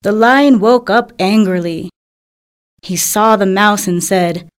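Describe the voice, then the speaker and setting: A woman narrating a children's fable in a clear, simple storybook manner. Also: medium pitch, slow pace.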